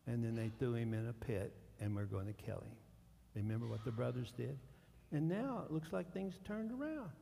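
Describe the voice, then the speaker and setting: A male pastor preaching a sermon, animated, swinging between hushed and loud. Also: medium pitch, normal speed, gravelly, a little hiss or hum. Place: church sanctuary. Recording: long church hall reverb.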